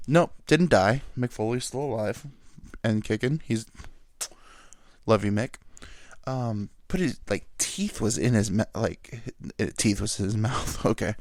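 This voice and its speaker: A man hosting a casual solo podcast, rambling energetically about a topic and slipping into quick impressions of other people. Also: fairly low pitch, no echo, clean studio sound. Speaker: podcast host.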